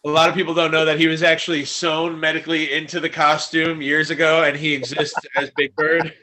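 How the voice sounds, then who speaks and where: A man in casual podcast chat, tossing out quick deadpan one-liners. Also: on the high side, rough recording. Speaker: podcast co-host.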